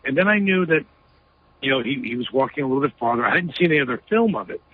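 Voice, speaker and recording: A man's voice: mid-range voice, lively intonation, fast talker, slight background noise. A man being interviewed, telling a story emphatically with lots of "you know" fillers over a phone line. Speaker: interview guest.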